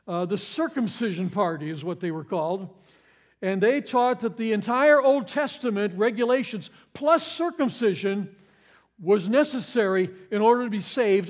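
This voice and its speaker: A man preaching a sermon, stressing and repeating key phrases for effect. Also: high-pitched. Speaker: pastor.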